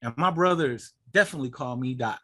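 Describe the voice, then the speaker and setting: A middle-aged man, a guest on an interview show, telling a personal story in an animated and emotional way. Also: mid-range voice, fast talker. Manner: animated, acts out quoted voices, gets emotional.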